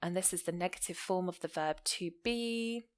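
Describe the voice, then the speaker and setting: A woman explaining English grammar in an online lesson, speaking clearly and pausing to ask the listener questions. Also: lowish voice. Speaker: English teacher.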